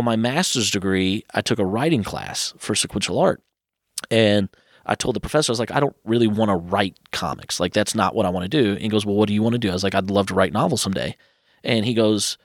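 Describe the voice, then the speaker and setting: A man in his thirties, a guest telling personal stories in a lively, casual way, acting out what others said. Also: lowish voice, no echo, clean studio sound. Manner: animated, quotes others in quick asides. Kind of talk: casual storytelling.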